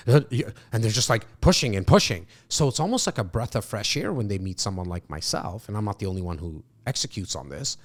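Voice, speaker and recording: A man's voice: lowish voice, fairly quick. A man in his fifties, a sales coach, talking emphatically to an audience and acting out what clients think. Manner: animated, emphatic, acts out clients' thoughts. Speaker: real estate sales coach.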